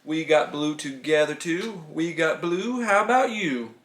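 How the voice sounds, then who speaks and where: A man's voice: on the high side, lively intonation, slow. A man, a father hosting a LEGO build video, chatting upbeat and teasing with his young son at home. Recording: echoey room with background noise.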